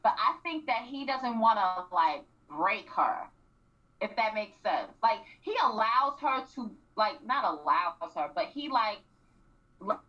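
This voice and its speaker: A woman co-hosting a radio show, animatedly recapping a reality series and acting out quotes with frequent throat clearing. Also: medium pitch, animated, a little slow. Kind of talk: casual recap chat. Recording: distant, dull lo-fi radio mic.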